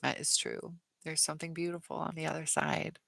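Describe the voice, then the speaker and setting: A woman's voice: low voice, fairly even intonation, brisk, creaky, a bit bright, dry recording. A woman hosting a live chat Q&A, reading viewer comments aloud and answering them in a chatty way with many fillers. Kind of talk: casual live-stream chat.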